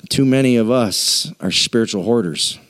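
A male pastor preaching a sermon, animated and conversational, slowing down and dropping low to drive points home. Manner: animated storytelling, voices people in a high pitch, slows and drops low for emphasis.

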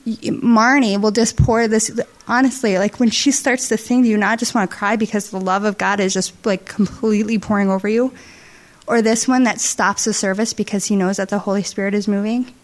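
A woman giving an emotional, halting testimony to a church congregation, tearful and heartfelt. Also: mid-range voice, fairly even intonation. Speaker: church member sharing testimony. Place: church service.

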